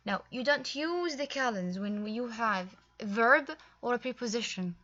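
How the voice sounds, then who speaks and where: Bright-voiced woman teaching grammar. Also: fairly high pitch, expressive, moderate pace, muffled recording, a little hiss or hum. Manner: patient, explains step by step with fillers. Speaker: English teacher. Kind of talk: recorded grammar lesson.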